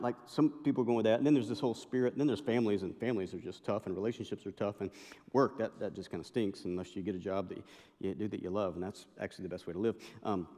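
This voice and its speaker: A man giving an animated, conversational sermon as a guest chapel speaker, telling stories with frequent restarts. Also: mid-range voice. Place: university chapel. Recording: long reverb of a large hall.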